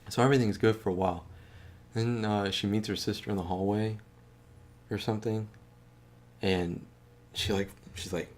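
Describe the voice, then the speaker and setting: A man's voice: on the low side, fairly even intonation, moderate pace, a little mellow. A man casually retelling a movie he watched, swearing a lot, laughing and acting out the characters' lines. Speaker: podcast co-host.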